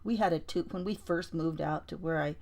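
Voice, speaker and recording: Chatty woman crafter, low voice. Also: brisk, gravelly, darkish tone. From Colorado. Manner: chatty, storytelling, greets viewers by name. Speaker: junk journal crafter on a livestream. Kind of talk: casual craft livestream chat.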